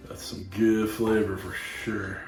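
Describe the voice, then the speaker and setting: A cooking channel host grills through a casual demo, easygoing and chatty, saying "all right" a lot. His voice is fairly low, a little mellow, and unhurried, with little pitch movement. Soft music plays behind him, and the recording has a roomy echo.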